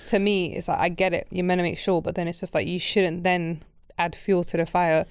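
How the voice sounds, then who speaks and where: A woman's voice: fairly low pitch, flat delivery, fairly quick, clear, resonant tone, dry recording, clean studio sound. A woman hosting a podcast, asking reflective questions in a casual interview. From United Kingdom. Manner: thoughtful, reflective questioning with fillers. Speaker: podcast host.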